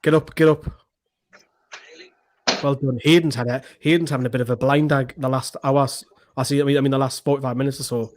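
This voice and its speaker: Excitable man. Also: mid-range voice, fairly quick, pauses often, noisy background. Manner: excitable, swears, shouts at goals. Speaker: fan channel co-host. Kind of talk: live match watchalong chat. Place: indoors at home with a computer.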